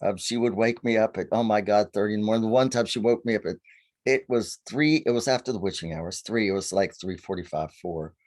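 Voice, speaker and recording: A man's voice: lowish voice, a little fast. A man from Virginia, a guest telling stories animatedly on a video call. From Virginia, USA. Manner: animated storyteller, acting out quotes. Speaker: guest, faery seer. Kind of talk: storytelling in a conversation.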